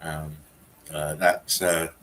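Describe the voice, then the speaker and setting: A man's voice: a bass voice, level tone, slow, a bit bright, a little hiss or hum. A man hosting a casual online chat, reading out memes and laughing heavily until he is in tears. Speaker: channel host.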